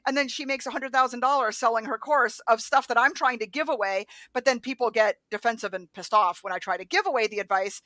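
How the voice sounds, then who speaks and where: A woman's voice: a little high, brisk, few pauses, bright, forceful tone, dry recording. A woman hosting a podcast who talks bluntly and frankly in casual chat. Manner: blunt, frank talk with some profanity. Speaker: podcast host.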